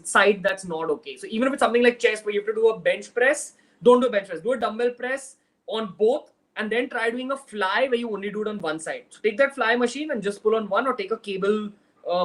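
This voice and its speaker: High-voiced Mumbai man, chatty livestream host. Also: a bit bright, low-quality recording. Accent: Mumbai Indian English. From Mumbai, India. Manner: chatty, direct, switches into Hindi phrases. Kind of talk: casual livestream Q&A.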